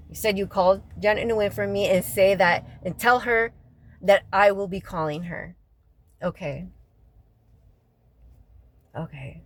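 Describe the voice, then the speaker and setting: A woman, crying as she vents in a raw, profane personal rant, her voice often sinking low and quiet. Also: a little slow, pauses often, a little hiss or hum, rough recording. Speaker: local resident venting after a city meeting. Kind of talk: emotional personal vlog rant.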